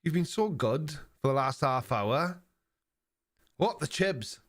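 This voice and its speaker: A man's voice: fairly high pitch, animated, slow. An older man from England chatting casually on his live stream, reading out viewer comments with dry, sarcastic banter. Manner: dry sarcastic banter, mock-offended asides.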